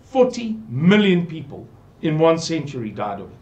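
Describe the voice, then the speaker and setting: A man's voice: on the high side, very animated, moderate pace, a little mellow, muffled recording. A man giving an earnest, pleading, rambling monologue to his viewers. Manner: pleading, repetitive, digressive. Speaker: channel presenter.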